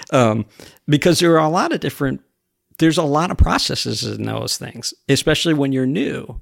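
A man's voice: medium pitch, lively intonation, moderate pace, vocal fry, no room sound, studio quality. A man speaking as a podcast guest in casual conversation, rambling with lots of fillers and acting out what people said to him. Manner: rambling, filler-heavy, retells dialogue.

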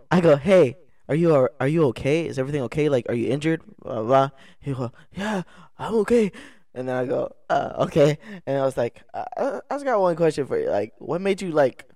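A man's voice: mid-range voice, darkish tone, no room sound, studio quality. A young man, a podcast co-host, telling a story in casual chat, rambling and restarting his sentences and laughing along the way. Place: indoor podcast setup.

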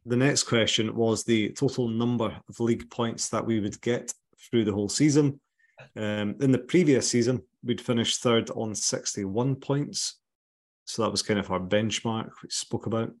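A man's voice: medium pitch, moderate pace. A Scottish man hosting a casual podcast chat, wry and teasing, often laughing. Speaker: podcast host.

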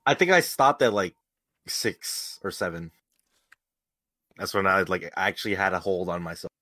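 A man's voice: sits low, animated, moderate pace, pushed and bright, no echo, clean studio sound. A young man joking bluntly on a casual podcast. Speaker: podcast co-host.

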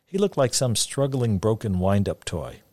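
Lively male storyteller. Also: fairly low pitch, moderate pace, no echo. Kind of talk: storytelling narration.

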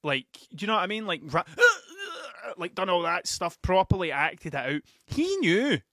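Bright rambling Scottish man. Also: high voice, big pitch swings, moderate pace, dry recording, studio quality. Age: adult father. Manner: rambling, self-mocking, swears freely, repeats words. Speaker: podcast host. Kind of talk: casual storytelling monologue.

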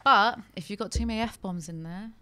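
A woman's voice: medium pitch, moderate pace, pushed and bright, smooth. A woman from England hosting a podcast, chatting casually in a teasing, self-mocking way. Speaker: podcast host.

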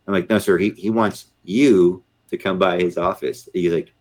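A middle-aged retired Marine officer, appearing as a podcast guest, tells a story in a casual interview and acts out the voices of the people in it. He has a low, steady voice and speaks at normal speed.

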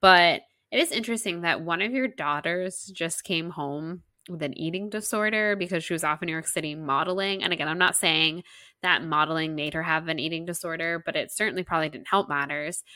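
A woman's voice: low-pitched, a little fast, bright, forceful tone, dry recording, clean studio sound. A young woman co-hosting a podcast, chatting casually and animatedly about a book, saying "like" often. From Orlando, Florida. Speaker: podcast co-host. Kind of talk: casual book discussion chat.

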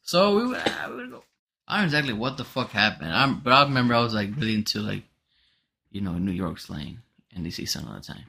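A man's voice: lowish voice, very animated, quick pace, vocal fry, bright, forceful tone, breathy edge. A young man in casual, profane chat with friends, rambling through a story and dropping in Spanish slang.

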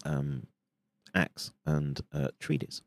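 Low-voiced halting male commentator. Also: gravelly, no room sound. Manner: halting, with fillers and restarts. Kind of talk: monologue commentary.

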